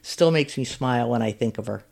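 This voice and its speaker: A woman with a very deep, slightly mellow voice and some vocal fry talks fairly quickly. She volunteers as a master gardener and is reading a scripted segment of friendly, step-by-step cooking instructions, taking the recipe steps at an easy pace.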